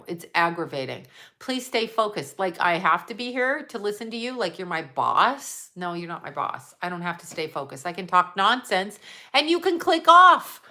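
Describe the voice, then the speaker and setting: A psychic medium chats casually on a livestream, reading viewer comments aloud and responding in a blunt, profane, rambling way. Her voice sits on the low side and sounds pushed and bright.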